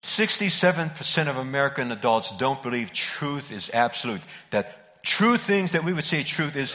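A man's voice: mid-range voice, lively intonation, moderate pace, pushed and bright. An older man preaching a sermon in a folksy, conversational way, telling jokes and calling out to people in the pews. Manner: folksy joke-telling preacher who calls out to congregation members. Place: church sanctuary. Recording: dull recording in a reverberant hall.

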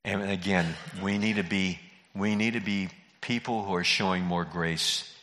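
Low-voiced man preaching in a reverberant hall. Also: steady tone, moderate pace, sharp tone. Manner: earnest preaching, repeats key phrases for emphasis. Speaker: pastor. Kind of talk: sermon.

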